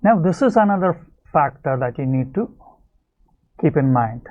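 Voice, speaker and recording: A man teaching an English video lesson, explaining clearly and speaking straight to his viewers. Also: on the high side, lively intonation, moderate pace. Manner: explanatory, addresses viewers directly. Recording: tinny phone-like sound.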